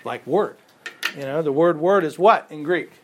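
A man with a fairly high voice leads a classroom lecture on scripture. He explains patiently, goes back over key points, and tosses questions to the class. Now and then he chuckles at his own examples. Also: lively intonation, moderate pace, slight background noise. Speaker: Bible class teacher.

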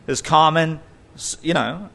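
Emphatic, high-voiced male preacher. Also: unhurried, creaky, pushed and bright. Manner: emphatic, repetitive, self-correcting. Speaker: pastor. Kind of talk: sermon.

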